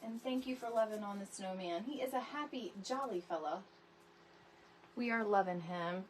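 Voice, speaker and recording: A middle-aged woman hosting a casual craft tutorial livestream, chatty and animated, greeting viewers by name from her home craft room. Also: medium pitch, moderate pace, slight background noise. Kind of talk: casual live crafting chat.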